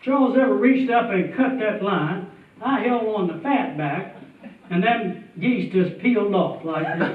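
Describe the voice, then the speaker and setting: A man with a high, voice spins a tall tale in a folksy, chuckling manner. He sounds thin and tinny, as if heard over a phone. He is picked up from well back in an echoey hall. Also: distant mic. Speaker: storyteller. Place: festival stage before an audience.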